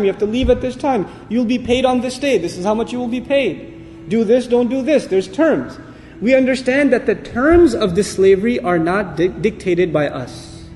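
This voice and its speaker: A man delivers an earnest, emphatic religious lecture, often asking his listeners questions. His voice sits high for a man but sounds mellow and dark in tone. A long hall reverb trails each phrase. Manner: recites Quranic Arabic verses. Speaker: Islamic lecturer.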